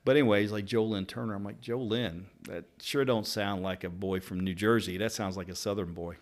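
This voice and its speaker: A middle-aged barber from Louisville speaks with a Kentucky accent in a fairly low voice. He is a rambling, lively storyteller in casual conversation, piling up anecdotes. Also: brisk. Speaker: barber and interviewer. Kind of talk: casual chat.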